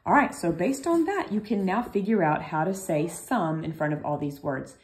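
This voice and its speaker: A woman's voice: fairly low pitch, lively intonation, normal speed, a little mellow. A woman teaching a recorded French lesson, chatty and reassuring, thinking aloud as she explains.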